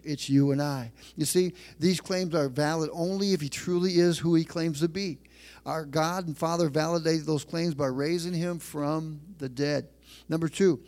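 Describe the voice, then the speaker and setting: Middle-aged pastor guy preaching in church, kinda high voice, leans hard on his words and drags out the big lines. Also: a little mellow. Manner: emphatic preaching with repeated phrases and slowed, stressed lines. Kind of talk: sermon.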